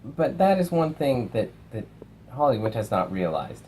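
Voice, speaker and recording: A young man casually reviewing films, animated, swearing and acting out lines from movies. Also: medium pitch, moderate pace, slight background noise, low-quality recording. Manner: animated, swears, acts out quotes. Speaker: film reviewer.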